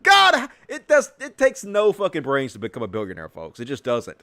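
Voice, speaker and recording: Male live-show host, lively, swooping delivery, sarcastic and foul-mouthed. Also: medium pitch, fairly quick. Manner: profane, sarcastic ranting.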